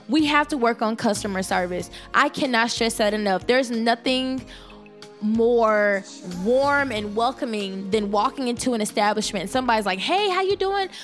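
Animated high-voiced woman telling a story. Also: normal speed, soft background music. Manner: animated, exasperated retelling with voiced reactions. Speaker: podcast host. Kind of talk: casual storytelling monologue.

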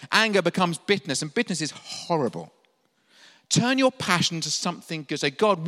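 A man from England preaches to his congregation, his voice high and bright. He keeps putting questions to his listeners and acts out the lines he quotes. The sound rings with the long reverb of a church hall. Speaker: pastor. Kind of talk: sermon.

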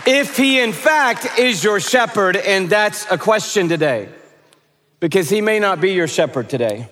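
High-voiced preacher in a reverberant hall. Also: male voice, unhurried, some chatter behind, slight background noise. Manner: playful, animated, rises and drops for emphasis. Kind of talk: conference sermon. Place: large conference hall stage.

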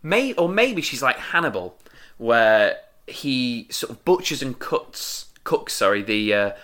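A man's voice: mid-range voice, sing-song, slow, pushed and bright. A man co-hosting a casual comedy podcast, recapping a plot with giggly asides. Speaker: podcast co-host recapping an episode.

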